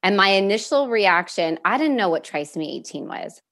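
A woman as a podcast guest, telling a personal story candidly in a halting way, openly emotional and near tears at times. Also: medium pitch, animated, fairly bright tone. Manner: halting, with fillers and restarts.

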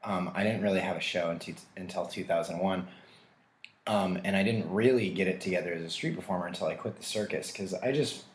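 A man's voice: low voice, fairly quick, roomy sound. A man in a casual interview, telling rambling stories about his street performing days with frequent laughter and self-deprecating asides.

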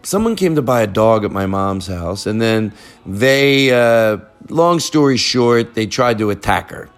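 A man's voice: on the low side, animated, a little slow. Rambling man hosting a podcast. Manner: rambling, joking storyteller, wanders off-track. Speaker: podcast host. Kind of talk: casual chat. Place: living room of a family house.

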